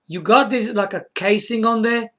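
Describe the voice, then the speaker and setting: A man's voice: high-pitched, normal speed, pushed and bright. A man casually talking through a solo video, rambling, repeating words and checking in with the viewer. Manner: chuckles to himself and apologizes. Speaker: video game vlogger.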